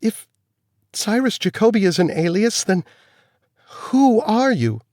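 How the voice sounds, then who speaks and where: A stunned young woman, pitched high and strained as she presses with questions, as a male narrator puts her on. The sound is dry and close like an audiobook read. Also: very animated, measured pace, a little mellow, no room sound. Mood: shocked. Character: young woman, shocked and pleading.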